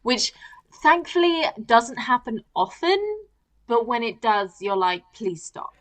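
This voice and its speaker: A woman's voice: fairly high pitch, sing-song, measured pace, rough recording. A woman hosting a podcast in casual chat, wry and dryly critical. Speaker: podcast host.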